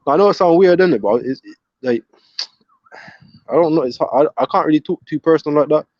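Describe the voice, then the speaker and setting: A man's voice: a little high, darkish tone, no room sound. A man rattles on at speed, repeating himself and tripping over words. His voice comes through a dull, muffled line. The sound is dry and close, with no room around it. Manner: fast, repetitive, stumbling. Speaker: caller speaking from a psychiatric ward. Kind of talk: rambling casual chat.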